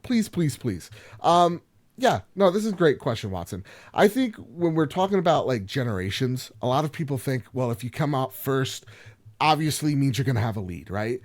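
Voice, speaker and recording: A man hosting a gaming podcast alone, joking and rambling as he swings from loud outbursts to quiet asides. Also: medium pitch, very animated, normal speed. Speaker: podcast host. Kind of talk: solo podcast chat.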